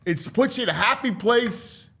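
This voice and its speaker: A hyped-up male sports host with a high, bright, sharp voice. His pitch leaps around all over the place, and there is a gravelly fry under his words. He gushes loudly about everything. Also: animated, normal speed. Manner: gushing, loud, hyped-up. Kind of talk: excitable sports talk.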